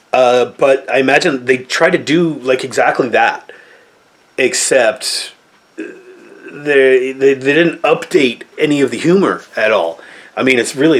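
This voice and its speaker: Blunt, cussing man ranting a review. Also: medium pitch. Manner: blunt, exasperated, swears freely. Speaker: movie reviewer. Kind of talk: casual review monologue.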